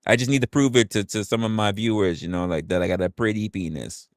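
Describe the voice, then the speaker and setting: A young man on a livestream, telling a story to his viewers in a casual, profane, animated way and acting out quotes. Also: lowish voice, fast talker, dry recording, clean studio sound. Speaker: livestream host.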